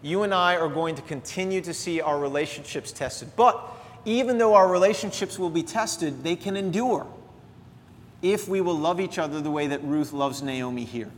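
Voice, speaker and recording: A middle-aged man preaching a sermon as a pastor, animated and earnest, dropping into soft, quiet asides. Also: fairly high pitch, moderate pace. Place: church sanctuary. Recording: long church hall reverb.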